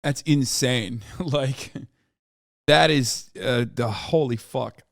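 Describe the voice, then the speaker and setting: A man's voice: medium pitch, slow pace, gravelly, no echo, studio quality. A man hosting a casual live-stream reaction, talking bluntly with lots of swearing and incredulous outbursts. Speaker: streamer host.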